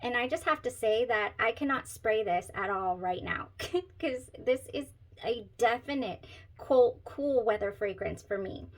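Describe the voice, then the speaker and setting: A woman's voice: on the high side, unhurried, low-quality recording. A woman hosting a casual perfume review vlog, chatty and giggly, often trailing off into searching asides. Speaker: perfume reviewer, channel host.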